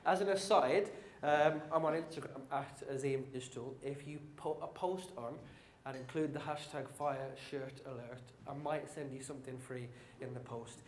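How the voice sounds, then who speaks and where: A man with a Brummie accent works the room, upbeat and joking as he talks to the crowd directly. His voice sits at a middle pitch. It carries with the roomy echo of a conference hall, with faint ambience underneath. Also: normal speed, slight background noise. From England. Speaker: conference speaker. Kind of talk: live marketing talk.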